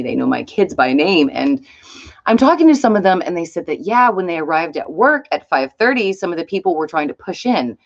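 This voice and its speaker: A middle-aged woman, telling a story in a casual vlog and swearing freely. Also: low-pitched. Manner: chatty, swears freely, animated retelling. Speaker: YouTube host. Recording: slightly dull lo-fi sound.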